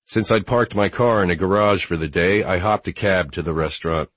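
Male narrator for a first-person romance audiobook: very low, husky voice, wry and low-key, dry close recording. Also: brisk, fairly bright tone, no room sound.

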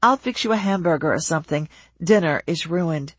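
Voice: mid-range voice, lively intonation, fairly quick, a bit bright, breathy edge, no echo. A narrator voicing an upset young wife whose voice rises in hurt, pleading outbursts. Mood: tense. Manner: rising, pleading, tearful outbursts.

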